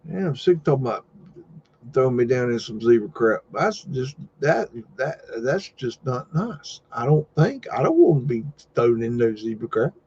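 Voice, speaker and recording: A man hosts a live stream, talking in a loose, rambling way and tossing out jokes and loud exclamations. His voice sits at a medium pitch. The recording sounds a little dull and lo-fi. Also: very animated, normal speed, slightly rough. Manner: rambling, joking, easygoing asides and loud exclamations. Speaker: host. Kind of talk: casual live-stream commentary over old photos.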